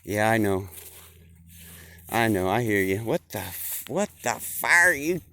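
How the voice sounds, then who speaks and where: A man's voice: lowish voice, sing-song, unhurried, bright, forceful tone. A man giving a casual, folksy monologue, repeating himself and calling his listeners folks. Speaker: vlogger.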